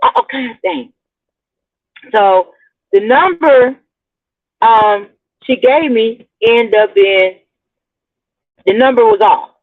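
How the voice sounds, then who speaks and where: A woman's voice: on the high side, animated, takes it slowly, pauses often. Middle-aged woman rambling thru a story to her viewers, calls em y'all, sounds like a phone line. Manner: rambling, chatty, addresses listeners as y'all. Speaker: blogger host. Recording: tinny phone-like audio.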